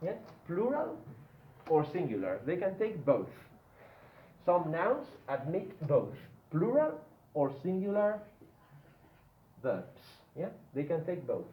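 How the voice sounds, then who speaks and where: A man teaching an English grammar lesson, slowly repeating words for pronunciation drills and checking in with "yeah?". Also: a little high, wildly swooping pitch, a little hiss or hum. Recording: tinny phone-like line in an echoey room.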